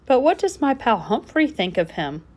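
A woman voicing a curious, jovial middle-aged man in a storybook read-aloud, drawing out his questions slowly. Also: on the high side, very animated, voice pushed up.

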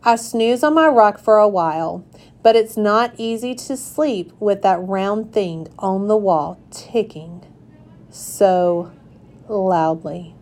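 A woman reading a children's chapter book aloud in a gentle storytelling manner. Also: mid-range voice, takes it slowly.

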